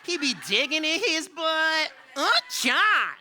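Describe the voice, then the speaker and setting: A man putting on a shrill indignant schoolgirl. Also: animated, pushed and bright, exaggerated voice. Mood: disgusted. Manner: drawn-out, high mocking drawl. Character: schoolgirl tattling on a classmate, indignant.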